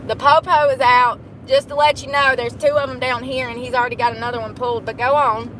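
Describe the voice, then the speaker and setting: A woman's voice: high-pitched, level tone, fast talker, bright, forceful tone, slight background noise, poor audio. Chatty woman in a car. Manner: chatty, profane, laughs often. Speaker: vlogger. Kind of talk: casual chat while driving.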